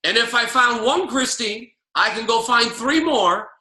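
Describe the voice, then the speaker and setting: A man's voice: very high voice, lively intonation, unhurried, bright, forceful tone, reverberant. A man coaching on a call, emphatic and preachy, driving his points home by repeating key lines. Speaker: network marketing coach.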